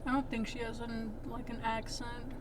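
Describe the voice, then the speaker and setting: A woman co-hosting a casual movie review podcast, talking in a chatty, animated way full of "like". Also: on the high side, moderate pace, noisy background. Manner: chatty, animated, lots of "like" fillers. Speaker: podcast co-host.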